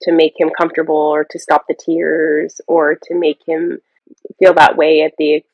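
A mother, speaking as a coaching client, talking in a halting, thoughtful way with many pauses. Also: deep voice, monotone, dry recording, dull audio. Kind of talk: hesitant conversation.

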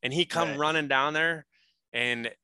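Bright-voiced man telling a story. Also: fairly high pitch, normal speed, clean tone, no room sound, rough recording. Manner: animated, lots of "like" fillers. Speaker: podcast guest. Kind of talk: casual storytelling.

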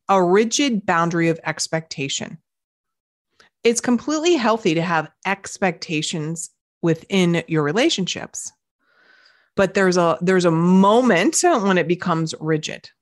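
A woman in middle age hosts her own coaching podcast in a casual, chatty way. Her voice sits somewhat low, and she speaks directly, throwing in quick asides as she goes. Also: expressive. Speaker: podcast host and business coach. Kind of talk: casual solo podcast talk.

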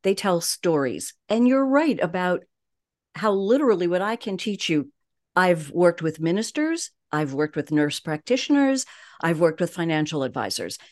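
A woman with a Long Island accent speaks in a fairly low voice as a voice coach on a podcast. She talks at a measured cadence and leans on deliberate pauses. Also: big pitch swings, darkish tone. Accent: Long Island New York. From Long Island, New York. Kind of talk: podcast interview.

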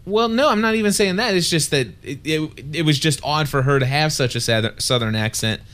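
Man, podcast co-host, casual chat, playful, rambling, frequent restarts, fairly high voice. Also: fairly quick, a bit bright.

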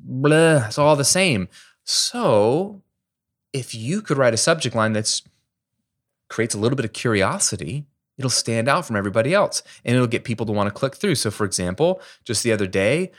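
A man teaching online business owners in a casual, energetic, jokey talk. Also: mid-range voice.

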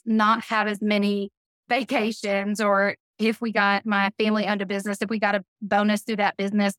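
Middle-aged woman, podcast guest, earnest heartfelt storytelling, medium pitch, dry close sound. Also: fairly bright tone, no room sound. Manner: earnest, emotional storytelling with quick laughs. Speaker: podcast guest, business leader. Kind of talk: telling a personal story in a podcast interview.

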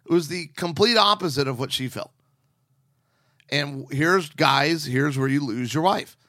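A middle-aged man co-hosting a talk podcast, telling stories in a sarcastic, animated way. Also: fairly high pitch, a little slow, dry recording, studio quality. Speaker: podcast co-host. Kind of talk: casual chat.

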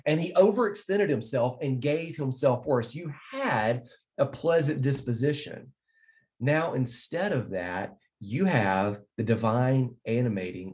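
A man's voice: medium pitch, a little mellow. A man teaching a recorded Bible lesson, explaining verses earnestly and repeating key phrases as he walks through slides.

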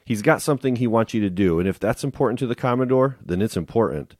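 Man reading the part of a navy commander, middle-aged, genial, brisk, low-pitched. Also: expressive, darkish tone, no room sound, studio quality. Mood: brisk, friendly.

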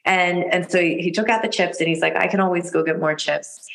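A woman guest on a podcast, an energy healer telling a personal story in casual chat, animated and laughing often as she acts out what people said. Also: on the low side, brisk, creaky, poor audio. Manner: animated, laughs often, jumps into quoted voices.

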